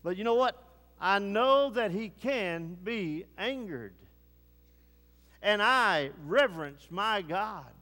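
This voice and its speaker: A man preaching a sermon with fervent delivery, moving between low grave tones and rising urgency. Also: sharp tone, big-room sound.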